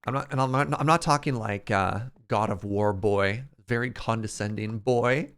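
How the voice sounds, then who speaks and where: A man streaming a game, chatting casually and telling stories in an animated way to his chat. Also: on the low side, normal speed, gravelly, smooth. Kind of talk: casual storytelling while playing.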